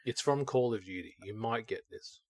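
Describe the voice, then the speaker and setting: A man's voice: on the low side, moderate pace, dry recording. A man co-hosting a podcast, rambling casually and acting out his own thoughts as he talks. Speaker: podcast co-host. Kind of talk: casual chat.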